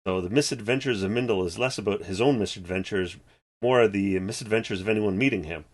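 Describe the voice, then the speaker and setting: A man talking as a guest in a casual chat, pitching his company's new books with enthusiasm. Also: fairly quick. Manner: enthusiastic pitching, many fillers. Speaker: game publisher guest.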